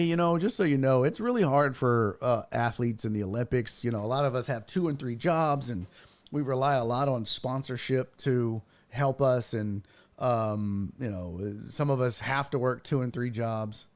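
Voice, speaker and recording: With a mid-range, somewhat dark voice, a man hosting a sports stream chats casually. His talk is rambling and full of exclamations, and he frequently interrupts himself partway through sentences.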